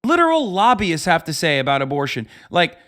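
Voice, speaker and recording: A man's voice: a little high, wildly swooping pitch, a little fast, sharp tone. A man streaming, ranting in a sarcastic, profane, casual way. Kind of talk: casual live-stream commentary.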